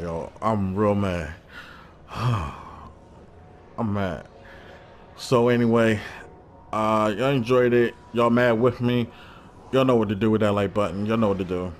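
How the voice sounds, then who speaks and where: A man's voice: mid-range voice, slight background noise. Trash-talking hyped gamer man. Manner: trash-talking, hyped then frustrated, slangy. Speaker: gaming YouTuber. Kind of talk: casual gameplay commentary.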